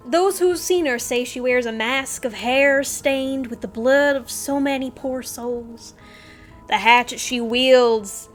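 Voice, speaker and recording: A young woman streaming from home, reading a game's dialogue aloud into a desk mic with lively swings between loud bursts and quiet storytelling. Her voice sits a little high, with faint game music under it.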